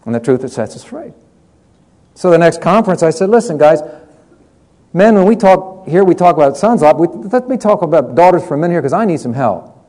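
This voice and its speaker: A man's voice: on the high side, sing-song, a little fast, mellow. A middle-aged man preaching a sermon, telling stories from his counseling in an earnest way, often repeating words as he goes.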